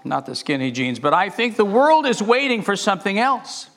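A man preaching a sermon with a rather high voice that swoops and rises all over the place. He speaks with passion, often repeating words and restarting his phrases as he builds his point. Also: sing-song, normal speed, gravelly, hardly any pauses, fairly bright tone. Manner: impassioned, with repetitions and restarts. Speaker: pastor.

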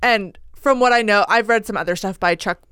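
A woman's voice: mid-range voice, a little fast, a bit bright, clear, resonant tone, no room sound, studio quality. A woman in her thirties from Oregon co-hosting a podcast, chatting casually and laughing often. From Oregon, United States. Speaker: podcast co-host. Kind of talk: casual chat.

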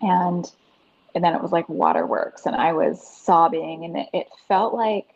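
A woman in her thirties, a podcast guest, telling her story in an earnest, animated way with lots of "like". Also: fairly low pitch, a little slow. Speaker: podcast guest, breathwork facilitator. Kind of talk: casual interview storytelling. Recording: dull lo-fi sound.

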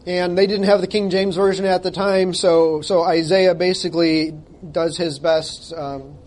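A man's voice: high voice, fairly even intonation, a little slow, darkish tone. A male pastor preaching a sermon, reading scripture aloud and speaking in an emphatic, conversational way with jokes at his own expense.

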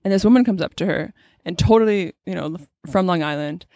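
A woman religious sister with a gravelly, creaky edge to her voice, chatting casually on a podcast. She fills her sentences with "like," slows down to lead prayer, and sounds close and dry on the mic. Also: fairly low pitch, a little mellow, dry recording. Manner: chatty, many "like" fillers, leads prayer slowly. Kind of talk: casual chat and leading prayer.

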